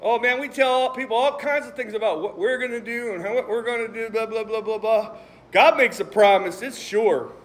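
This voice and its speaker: A man's voice: sits high, moderate pace, slight background noise. A man preaching a sermon, reading scripture aloud with emphasis and cracking jokes between verses. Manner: animated, joking, reads scripture aloud with emphasis.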